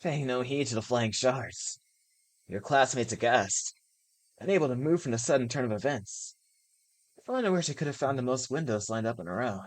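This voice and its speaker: A woman's voice: extremely low pitch, normal speed, dry recording. A woman streaming a visual novel, narrating its first-person text aloud and laughing at moments. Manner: laughs and reacts excitedly between passages.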